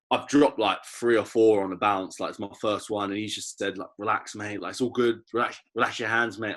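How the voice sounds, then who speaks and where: A young English man, a rugby player, chatting casually as a podcast guest and telling stories with frequent restarts. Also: on the low side. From England. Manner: relaxed, storytelling, frequent restarts.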